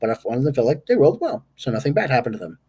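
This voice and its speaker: Husky game master rambling through a recap. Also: male voice, mid-range voice, big pitch swings, very fast, mellow. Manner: rambling, stops to recall names aloud. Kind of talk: casual recap of a tabletop game session.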